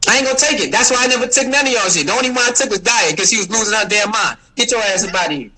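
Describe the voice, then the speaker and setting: A man's voice: sits high, rapid-fire, a crowd in the background, low-quality recording. A man hosting a livestream, chatting casually with viewers, teasing them and laughing often. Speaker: livestream host. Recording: music playing behind.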